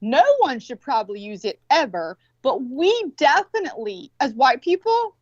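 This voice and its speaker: A woman's voice: very high voice, no room sound. A woman with a Southern US accent, telling a rambling story in casual chat in a blunt, profane way. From American South. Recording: dull, lo-fi sound.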